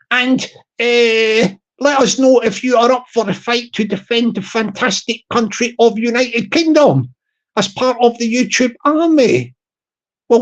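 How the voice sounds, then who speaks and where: A man hosting a vlog, talking in a rambling, jokey comic monologue with lots of repetition. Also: very high-pitched. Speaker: channel host.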